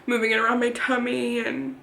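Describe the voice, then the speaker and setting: Candid woman with a gravelly, echoey voice. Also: a little high, flat delivery, pushed and bright, slight background noise. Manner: candid, halting and plain-spoken. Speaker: vlogger. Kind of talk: personal storytelling to camera.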